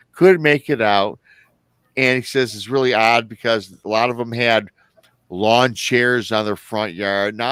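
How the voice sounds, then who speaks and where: Man from Michigan, livestream host, rambling storyteller, smooth clear voice, dry close sound. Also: medium pitch, fairly bright tone, dry recording. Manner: rambling, chatty, self-correcting.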